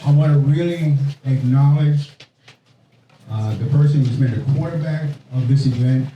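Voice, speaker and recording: A man's voice: a little high, moderate pace, dark tone. A man hosting a fundraising reception, addressing guests in a playful, emphatic way. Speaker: event host. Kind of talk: introductory remarks at a fundraising reception. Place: indoor reception room. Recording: echoey room from a distance, crowd and noise.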